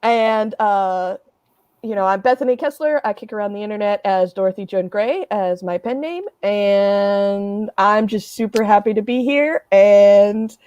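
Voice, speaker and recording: A woman's voice: mid-range voice, unhurried, a little mellow, smooth, muffled recording. A woman greeting viewers as a panelist on a video call, friendly and chatty. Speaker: panelist, writer.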